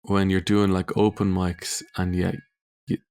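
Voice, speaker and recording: A middle-aged Irish comedian with a very low, deep voice tells a story in relaxed chat. He swears freely and acts out the other people in his tale. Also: unhurried. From Ireland. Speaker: comedian guest.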